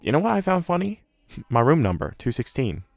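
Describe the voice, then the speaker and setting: A man's voice: mid-range voice, big pitch swings, fairly quick, gravelly, dry recording, voice pushed up. A man voicing an older mother in a hospital bed who teases her grown son with dry humor. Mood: wry.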